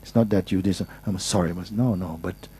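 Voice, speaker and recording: A man speaking as a spiritual teacher, patiently and softly giving advice at a gathering, often restarting his sentences. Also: low-pitched, steady tone, moderate pace, husky, low-quality recording. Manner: patient, soft-spoken, with frequent restarts. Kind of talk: gentle advice in a question session.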